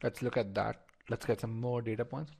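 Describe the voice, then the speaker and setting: A man's voice: medium pitch, steady tone, a little fast, gravelly, a little mellow, slightly rough. Man teaching a live online class. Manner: repeats words and restarts, addresses students directly. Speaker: instructor. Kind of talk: live online test-prep lesson.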